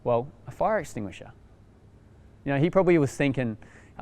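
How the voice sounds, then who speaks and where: A young Australian man, a youth pastor, telling a story in a casual, animated way with lots of fillers and restarts. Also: mid-range voice, fairly quick, pauses often.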